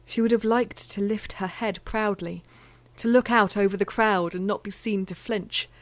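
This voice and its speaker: A woman reading a novel aloud in a measured, intimate way, sometimes dropping to a near-whisper. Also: mid-range voice, fairly even intonation, no room sound. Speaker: audiobook narrator. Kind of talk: scripted fiction narration.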